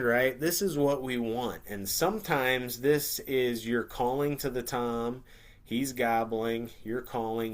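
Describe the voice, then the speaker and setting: A man teaching a beginner webinar in a relaxed, conversational way, sometimes acting out little scenes in playful voices. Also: mid-range voice. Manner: conversational, acts out turkey scenarios with playful voices. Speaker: hunting instructor. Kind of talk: webinar lesson.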